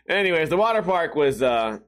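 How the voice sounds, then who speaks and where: Talking casually to camera, a young man spins a meandering, foul-mouthed tale for his audience and keeps laughing at his own jokes. His pitch is fairly high and his tone fairly bright.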